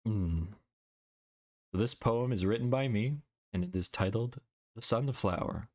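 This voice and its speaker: A young male streamer with a fairly low voice, chatting loosely with his viewers between games. He slips into a dramatic reading voice when reciting poetry and stories. His talk is playful and relaxed. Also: unhurried. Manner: dramatic recitation, then playful chat with silly noises. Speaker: VTuber streamer.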